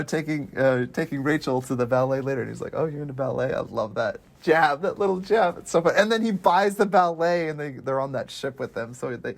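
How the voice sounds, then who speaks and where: A young man in casual chat about a movie, animated and laughing, jumping into quick impressions. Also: medium pitch, gravelly.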